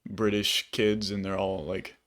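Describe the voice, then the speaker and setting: A man talks through a film on a casual podcast, meandering and full of fillers. His voice sits low and easygoing. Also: little pitch movement, measured pace, fairly bright tone. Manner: rambling, many fillers. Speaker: podcast co-host. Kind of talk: casual movie review chat.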